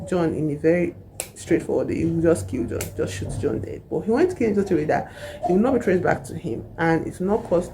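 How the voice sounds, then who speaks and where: A woman's voice: fairly low pitch, creaky, warm tone, a little hiss or hum, low-quality recording. A woman, casually retelling a novel's plot in a rambling way full of asides. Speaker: book reviewer.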